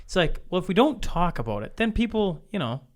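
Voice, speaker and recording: A man's voice: high-pitched, sing-song, brisk. A man hosting a podcast, talking thoughtfully and hesitantly with many restarts. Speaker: podcast host. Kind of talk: casual chat.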